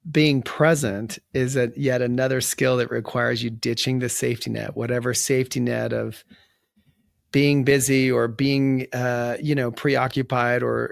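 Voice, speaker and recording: A man hosting a podcast, thoughtfully summing up the conversation in a relaxed talking manner. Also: medium pitch, gravelly, dry recording, studio quality. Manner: thoughtful, summarizing, with fillers. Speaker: podcast host.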